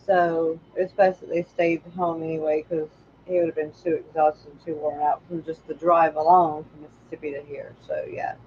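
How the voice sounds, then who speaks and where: A woman co-hosts a relaxed livestream, chatting with her husband and reading out viewer comments. She sounds tired and keeps yawning. The audio is dull and lo-fi with a faint hum behind it. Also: low-pitched, normal speed. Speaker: co-host of a livestream. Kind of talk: casual chat.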